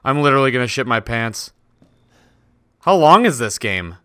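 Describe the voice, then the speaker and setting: Man, let's play gamer, nervous self-talk, cursing, crisp tense voice, dry sound. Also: mid-range voice, big pitch swings, moderate pace, fairly bright tone, no room sound. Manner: jittery, swearing, talks to himself while playing. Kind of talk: horror game commentary.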